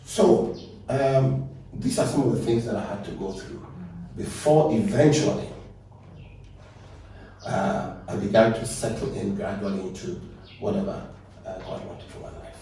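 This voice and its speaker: A man's voice: fairly low pitch, unhurried, long pauses, warm tone, slight background noise. A middle-aged man, a pastor telling stories and laughing as he answers interview questions. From Ghana. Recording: echoey room, distant mic.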